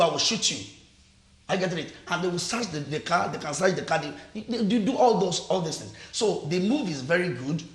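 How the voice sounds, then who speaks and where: A man with a Nigerian accent, a TV panel guest who speaks emphatically, repeats phrases and often restarts his sentences. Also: a little high. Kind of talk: TV panel discussion. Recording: echoey studio.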